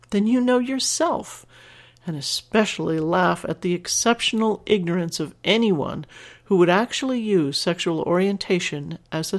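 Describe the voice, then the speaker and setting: On a podcast, a female host reads a listener's letter out loud and responds with earnest emotion, sometimes tearing up and sometimes laughing. Her voice sits on the low side.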